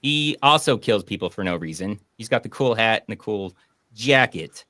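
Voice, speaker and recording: A man hosting a casual online stream, rambling and animated as he retells film scenes. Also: lowish voice, normal speed, no room sound, clean studio sound. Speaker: podcast host. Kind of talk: casual stream chat about movies.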